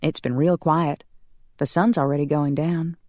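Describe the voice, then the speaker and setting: A narrator doing a bright, brisk young woman. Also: mid-range voice, steady tone, dry recording, clean studio sound, lightly acted. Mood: friendly.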